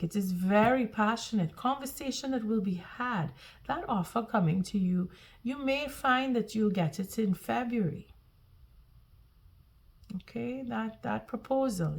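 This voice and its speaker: A woman giving a tarot reading to her viewers, earnest and reassuring, often repeating and restarting her phrases. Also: on the high side. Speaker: tarot reader.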